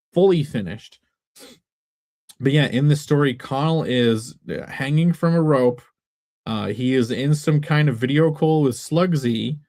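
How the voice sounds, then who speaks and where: A man talking casually on his live stream about his comics, rambling and cutting himself off with jokes. His pitch rises and falls a lot, and the sound is close and dry, with no room echo. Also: darkish tone. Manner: rambling, self-interrupting, joking. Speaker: comic book creator and streamer.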